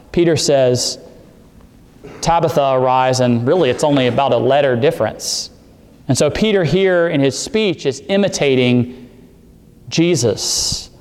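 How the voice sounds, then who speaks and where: A man's voice: mid-range voice, a little mellow. Man preaching in a reverberant hall. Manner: expository preaching, rising emphasis on key words. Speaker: pastor. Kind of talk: sermon.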